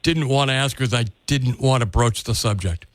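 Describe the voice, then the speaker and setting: A man's voice: medium pitch, a little fast. A man hosting a call-in radio talk show, chatting casually and often restarting words. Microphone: studio microphone.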